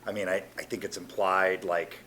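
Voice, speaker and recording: A man's voice: sits low, flat delivery, normal speed, sharp tone, a little hiss or hum. A man on a city council asking a presenter questions, polite and hesitant, searching for his words. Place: council meeting chamber.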